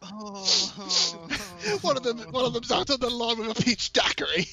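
A man's voice: very high-pitched, normal speed, creaky, music in the background. A man bantering crudely over game voice chat, laughing often. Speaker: gamer in voice chat. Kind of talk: casual banter.

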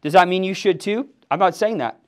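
A man in his forties with a rather high voice drives home a motivational sales training talk. He is fired up and punchy, firing "yes or yes?" back at his team. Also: a little fast. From Milwaukee, USA. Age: 40s.

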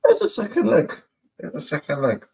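A man's voice: high voice, wildly swooping pitch, normal speed, vocal fry, dark tone. A man ranting as a football fan, swearing and repeating the same phrases again and again. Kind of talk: exasperated reaction rant. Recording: roomy clip with faint noise.

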